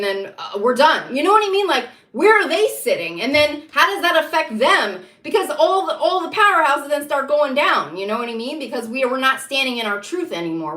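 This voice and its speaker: Woman ranting hard about politics, high bright voice, kinda echoey room. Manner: emphatic, repetitive, rising to heated insistence. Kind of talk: impassioned political monologue.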